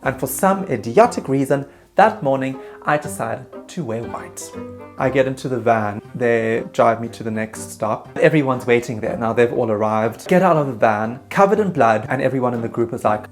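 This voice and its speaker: Male vlogger, mid pitch, animated comic storyteller, self-deprecating, faint music underneath. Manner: animated, self-mocking, jumps into quick put-on voices. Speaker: travel storyteller. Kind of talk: comedic travel story vlog.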